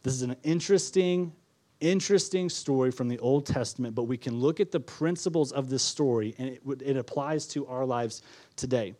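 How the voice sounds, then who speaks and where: With a warm, medium-pitched voice at a normal pace, a male pastor preaches earnestly to his congregation in church. He repeats key phrases and poses questions to the people listening.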